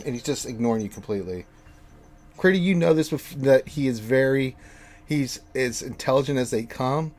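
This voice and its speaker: A man's voice: medium pitch, a little mellow. A man narrating a tabletop game as game master, rambling and often correcting himself.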